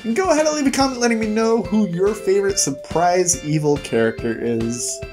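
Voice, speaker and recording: A host casually recapping a comic book issue in a video, animated and laughing often. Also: medium pitch, brisk, over music.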